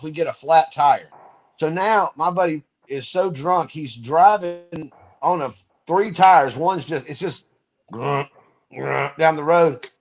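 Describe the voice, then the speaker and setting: A man's voice: fairly high pitch, muffled recording. A man co-hosting a podcast, telling a rambling anecdote in a casual, laughing way, from Georgia. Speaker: podcast co-host. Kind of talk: casual storytelling.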